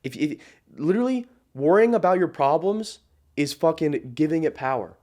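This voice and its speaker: A man's voice: fairly high pitch, animated, moderate pace, mellow. A man in his late teens, a podcast guest telling stories in a blunt, profane way, repeating "bro" and restarting his sentences often. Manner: rambling with frequent restarts. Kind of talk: casual podcast storytelling.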